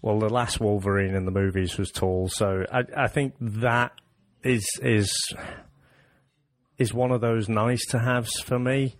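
A man co-hosting a TV review podcast, giving measured, thoughtful opinions. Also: fairly low pitch, steady tone. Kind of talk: casual review chat.

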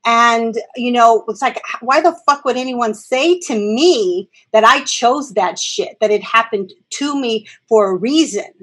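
A woman in her forties talks candidly in a conversation, with a husky, slightly breathy voice pitched a little high. She speaks earnestly and with emphasis, now and then letting a swear word land for force. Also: unhurried, hardly any pauses, fairly bright tone. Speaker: guest speaker with early education and trauma background. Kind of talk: candid conversational podcast talk.

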